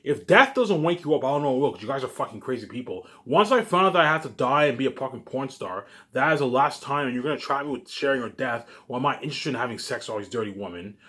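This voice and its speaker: Fast, agitated ranting man. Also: expressive. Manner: agitated, profane, repetitive, with many restarts; swings between loud outbursts and low muttering. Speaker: YouTube vlogger. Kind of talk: ranting monologue to camera.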